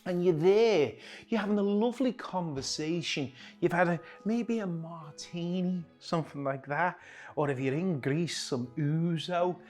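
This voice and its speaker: A man's voice: fairly high pitch, measured pace, darkish tone, faint music behind. A man hosting a cooking demonstration, chatty and joking, often talking to his cameraman. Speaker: chef hosting a cooking show.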